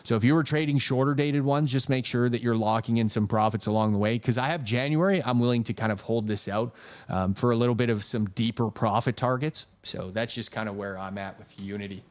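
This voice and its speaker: A man hosts a casual trading live stream, walking through charts and thanking viewers for super chats. He swears freely and jokes as he goes. His voice sits at an ordinary pitch for a man. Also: a little fast. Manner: profane, jokey, reads super chats aloud.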